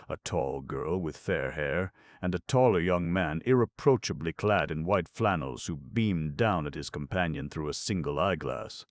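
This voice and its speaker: Man, audiobook narrator, very deep voice, gravelly, dry close recording. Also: no room sound. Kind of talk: scripted narration.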